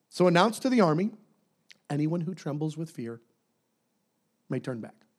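Man preaching with dramatic soft-loud swings. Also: a little high. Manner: dynamic, swinging from loud to soft near-whispers. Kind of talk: sermon.

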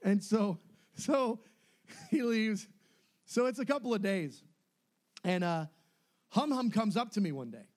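A man's voice: sits high, a little slow, long pauses. A middle-aged man preaching and telling a story with lots of energy, laughing as he goes and acting out the voices of the people in it. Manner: animated, laughing storyteller who acts out quoted voices. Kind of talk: sermon storytelling.

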